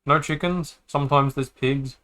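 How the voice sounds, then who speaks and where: Bright-voiced male streamer reading a game. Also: medium pitch, steady tone, normal speed. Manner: casual, joking asides between read lines. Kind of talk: reading visual novel dialogue aloud on a stream.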